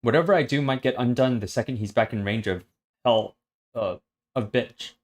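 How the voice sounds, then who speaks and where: A man's voice: mid-range voice, moderate pace, close to an everyday voice. A man voicing a weary, guarded young woman healer in a plain reading voice while reading a story aloud. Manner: plain reading voice, little change for the figure.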